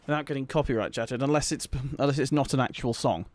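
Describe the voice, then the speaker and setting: A man's voice: medium pitch, quick pace, no room sound. A young man, chatting casually with viewers on a live stream, giggly and rambling. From Britain. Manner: giggly, rambling, reacting to chat.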